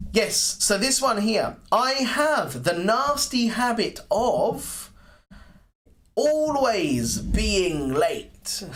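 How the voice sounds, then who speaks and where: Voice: medium pitch, a bit bright. An English teacher giving a live online lesson, encouraging and greeting viewers by name as they read out example phrases.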